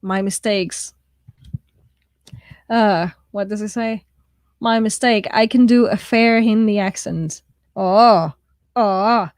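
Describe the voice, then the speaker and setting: A woman with a mixed, shifting accent hosts a live writing write-in stream, speaking slowly in a mid-range voice with frequent pauses. She's casual and self-deprecating, reading viewer comments aloud and laughing often, and the recording is dry.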